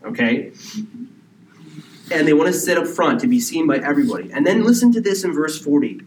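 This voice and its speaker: A man's voice: a little high, very animated, brisk, roomy sound, far from the mic, slight background noise, poor audio. A male pastor preaching a sermon in a conversational way, asking the congregation questions and doing mocking impressions now and then. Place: church sanctuary.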